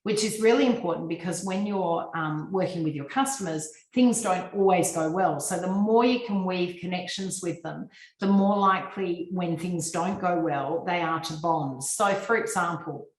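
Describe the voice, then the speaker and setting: Speaking on personal branding as a guest, an Australian woman presents to a business audience via video call at a moderate pace. Her low voice carries a roomy echo, and she's fluent and instructive though she says um often.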